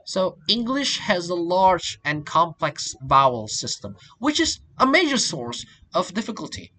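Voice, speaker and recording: A young man, a student giving a class presentation, halting and often restarting his phrases. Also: sits high, sing-song, bright, forceful tone, a little hiss or hum. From Indonesia. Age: young adult. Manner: halting, repeats and restarts phrases, links points with "and then".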